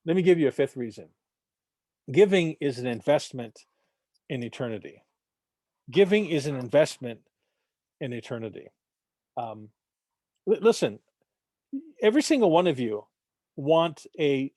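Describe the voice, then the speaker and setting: A man's voice: medium pitch, animated, unhurried, long pauses, a little mellow, no echo, clean studio sound. A man teaching an adult church class in a conversational way, often repeating words, checking in with the room and punching his points with jokes. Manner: conversational, repeats words, keeps asking "right?"; tells jokes, punchy emphasis.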